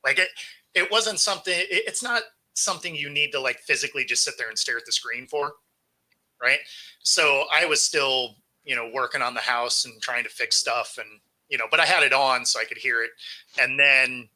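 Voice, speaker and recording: A man's voice: medium pitch, normal speed, sharp tone, rough recording. A man co-hosting a casual chat, wry and joking, laughing often and rambling loosely.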